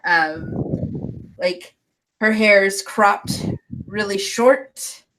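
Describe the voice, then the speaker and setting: A woman game master giving unhurried scene descriptions, with fillers between phrases. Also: medium pitch, animated, background noise.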